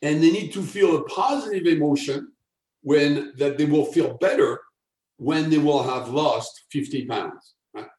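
A man, a guest expert, explaining step by step with examples and often checking in with a quick tag question. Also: a little high, a little mellow. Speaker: guest, sales persuasion expert. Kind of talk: explanatory interview talk. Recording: echoey room.

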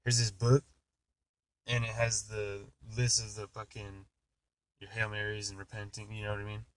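A man's voice: on the low side, level tone, normal speed, a bit bright, dry recording, natural voice. A man voicing a flustered middle-aged priest, crude and cursing in a joke. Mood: casual.

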